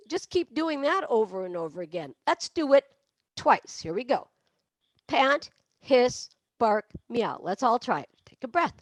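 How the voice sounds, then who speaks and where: A woman teaches breath support for singing, acting out the exercises as she goes. Her voice sits a little high and sounds dry and close to the mic, with no room around it. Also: very animated, measured pace, dry recording. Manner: demonstrative, breaks into barks, meows and sung laughs. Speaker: vocal coach. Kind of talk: online voice lesson.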